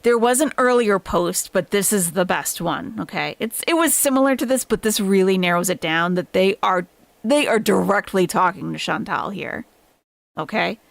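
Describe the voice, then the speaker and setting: A woman's voice: medium pitch, moderate pace, vocal fry, dry recording. A woman hosting a casual livestream, animatedly telling a friend a gossipy story. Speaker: livestream host.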